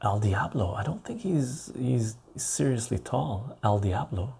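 Man, live stream host, husky dark voice, rambling chat. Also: mid-range voice, lively intonation, unhurried. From Canada. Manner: rambling, reads viewer comments aloud and answers them.

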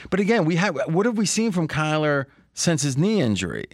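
A man hosting a casual sports-betting podcast, rambling in animated asides. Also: on the high side, a little fast, no echo, studio quality. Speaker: podcast host.

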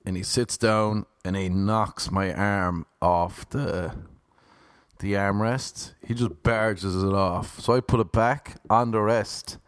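A man's voice: lowish voice, fairly even intonation, takes it slowly, clear, resonant tone, no room sound, clean studio sound. A man casually telling his viewers a profane, ranting story. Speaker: vlogger.

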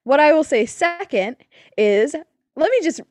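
A young woman co-hosting a podcast, talking in casual, animated chat. Her voice sits somewhat high. The sound is dry, with no room around it. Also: a little slow, no room sound. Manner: animated, swearing, laughing often. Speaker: podcast co-host.

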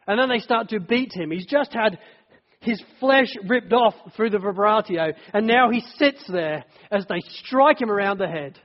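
A man's voice: high voice, expressive, normal speed. A man preaching a sermon in a church, telling the story vividly and earnestly. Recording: dull echoey church hall.

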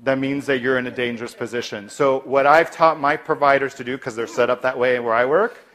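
Speaking a little fast at medium pitch, a man lectures on de-escalation as a clinician with plenty of energy. To illustrate his replies, he often eases into a soft and calm way of speaking.

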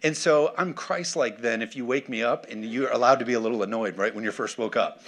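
A man's voice: mid-range voice, fairly quick, a bit bright. A man preaching a conversational sermon who keeps checking in with his congregation and asks for responses. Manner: conversational, calls for audience responses. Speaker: pastor.

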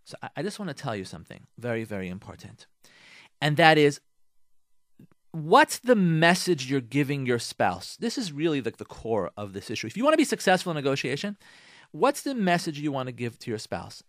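A rabbi giving marriage advice on the radio, animated and acting out spouses in mock voices. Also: male voice, on the high side, a little fast, dry recording, studio quality. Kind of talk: radio talk, advice monologue.

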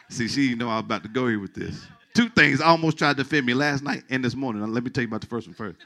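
Preaching to his congregation, this middle-aged pastor talks fast in a mid-range voice. He's animated and emphatic, often restarting, repeating words, and cracking jokes with the people in the pews.

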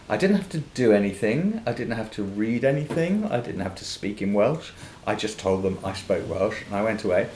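Older male actor guest, lively raconteur, slightly low voice, roomy echo and faint hiss. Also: moderate pace, few pauses. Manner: lively raconteur, laughs often, acts out quoted voices. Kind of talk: anecdotal storytelling in a podcast interview. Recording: echoey room with faint noise.

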